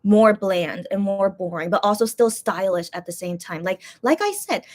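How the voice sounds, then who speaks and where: A congested woman hosts a casual, rambling chat, circling back over her own opinions with plenty of fillers and restarts. Her voice sits at an ordinary middle pitch, a little stuffy throughout. She reads viewer comments aloud and answers them. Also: animated, normal speed, few pauses, a little mellow. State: congested, coughing. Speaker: host reacting to concept photos.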